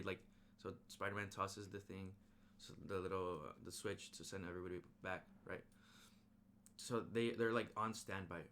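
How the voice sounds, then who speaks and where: Man, fairly low voice, excited, slangy, casual movie recap, faint background hiss. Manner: excited, slangy, retells scenes with sound effects. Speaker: movie reviewer.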